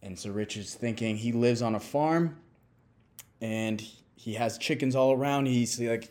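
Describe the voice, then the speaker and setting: A young man telling jokes in an easy, conversational way. His voice sits mid-range for a man, and he now and then drops to quiet asides. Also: unhurried. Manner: relaxed, conversational, dropping to low asides. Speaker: joke-telling host. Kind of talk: storytelling jokes.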